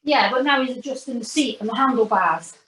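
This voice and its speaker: A woman's voice: fairly high pitch, brisk, a bit bright, a little hiss or hum. A woman taking part in an online cycling class, chatting casually with some hesitant fillers over a video call. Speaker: class participant. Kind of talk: casual chat. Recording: roomy, distant video call audio.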